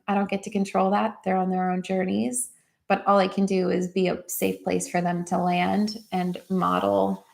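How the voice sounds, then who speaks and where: Woman livestream host, casual coaching talk, animated storyteller, slight vocal fry. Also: lowish voice. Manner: chatty and animated, quotes others in lively voices, laughs readily. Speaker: host of an emotional healing livestream.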